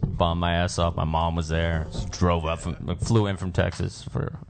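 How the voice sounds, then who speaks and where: A man, a stand-up comedian, telling stories about early gigs in a relaxed casual way. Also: low voice, moderate pace, gravelly. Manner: relaxed storyteller. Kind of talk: casual chat.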